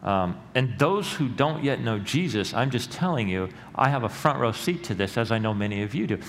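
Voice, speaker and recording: A middle-aged male pastor preaching a sermon in a church, earnest and rising to loud emphatic peaks. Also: mid-range voice, expressive, moderate pace. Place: church sanctuary. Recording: long hall reverb with faint room noise.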